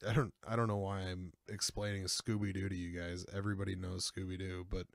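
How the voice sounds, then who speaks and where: A man's voice: low voice, little pitch movement, brisk, creaky, dry recording, studio quality. A man in his twenties hosting a podcast, rambling and joking in a casual, self-deprecating chat. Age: 20s. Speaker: podcast host.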